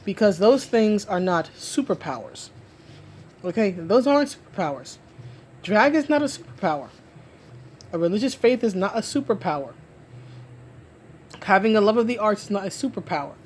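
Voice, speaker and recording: A woman's voice: medium pitch, lively intonation, moderate pace, long pauses, a little mellow, slight background noise. A woman giving an emphatic solo rant about comics, restarting and repeating herself often as she argues her point. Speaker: comic book commentator.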